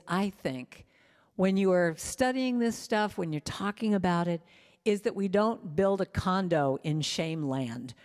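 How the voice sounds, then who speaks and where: A woman giving a storytelling talk at a spiritual service, animated and self-deprecating as she shares lessons. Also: mid-range voice. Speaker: inspirational speaker and singer. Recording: long hall reverb.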